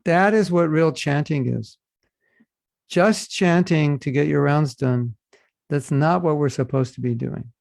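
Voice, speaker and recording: A man's voice: on the high side, measured pace, vocal fry, a little mellow, no echo, clean studio sound. A man teaching a devotional class, earnest and addressing listeners with rhetorical questions. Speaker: spiritual teacher.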